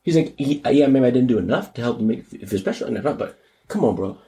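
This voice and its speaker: A man hosting a casual comedic news podcast, slangy and animated, often jumping into high mocking voices. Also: quick pace. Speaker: podcast host.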